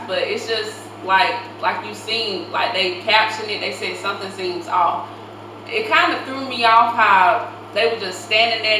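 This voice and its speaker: A woman co-hosting a casual reaction chat, speaking bluntly and casually with heavy use of "like.". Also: medium pitch. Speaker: co-host, host's sister. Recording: echoey room, mic at distance, faint noise.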